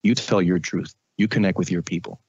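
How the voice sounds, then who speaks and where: A man who is a radio and podcast host, talking casually in an interview and telling animated stories. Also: sits low, brisk, breathy edge, dry recording, dull audio. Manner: animated storytelling, mimics relatives.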